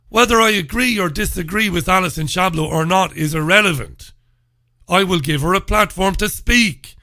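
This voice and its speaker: An Irish man in middle age holds forth on his talk radio show, firing off mocking questions in a sarcastic, ranting flow. His voice sits a touch high and rings bright and forceful. The studio sound is close and dry, with no room around it. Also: dry recording. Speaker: radio host. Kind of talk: solo talk radio commentary.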